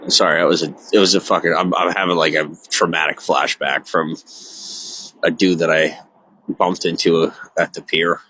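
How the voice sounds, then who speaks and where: A man's voice: low voice, fairly even intonation, moderate pace, bright, forceful tone, a little hiss or hum, low-quality recording. A man live-streaming to viewers alone, distressed and near tears, rambling with many filler words. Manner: rambling, heavy on filler words, self-interrupting. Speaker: livestreamer.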